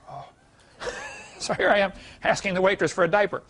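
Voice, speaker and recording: Gravelly husky-voiced man lecturing folksy. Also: sits high, brisk, a bit bright. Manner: folksy, chuckles at own stories. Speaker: creation seminar speaker. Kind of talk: seminar lecture with anecdotes. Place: lecture hall.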